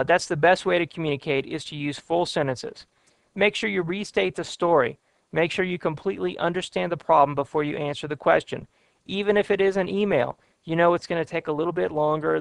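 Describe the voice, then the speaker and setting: A man teaching workplace communication in a relaxed, conversational lecture, with plenty of fillers and advice. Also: on the high side, creaky, dry recording. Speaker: instructor. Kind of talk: soft skills lecture.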